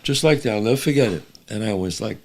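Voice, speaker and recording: Animated guy, voice swings all over, gravelly, cussing his way through a story as a guest. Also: fairly low pitch, fast. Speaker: podcast guest. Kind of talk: casual storytelling chat.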